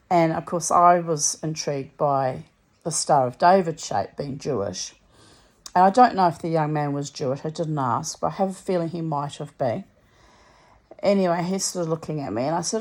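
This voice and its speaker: A lowish-voiced woman talks from her bed in a loose, rambling monologue. She sounds tired and under the weather, but she keeps chatting and drifting into asides. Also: lively intonation, normal speed, darkish tone. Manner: chatty, storytelling, many asides. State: tired and unwell. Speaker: vlogger. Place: lying in bed at home.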